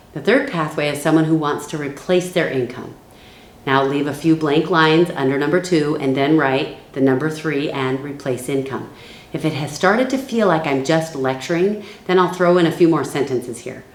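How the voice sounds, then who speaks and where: A woman giving a calm training lesson for network marketing builders. She acts out the sales lines she uses. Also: low voice, roomy sound.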